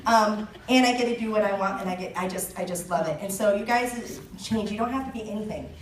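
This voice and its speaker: A woman's voice: medium pitch, brisk, crowd noise. A woman in her thirties giving a chatty, joking training talk to a sales team, laughing often as she speaks. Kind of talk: chatty live presentation. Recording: roomy echo, mic at a distance, faint ambience.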